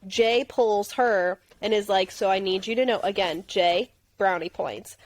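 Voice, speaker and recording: A woman's voice: mid-range voice, measured pace, a little hiss or hum. A woman co-hosting a podcast, chatting casually and playfully, retelling scenes with animation. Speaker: podcast co-host. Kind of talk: casual chat.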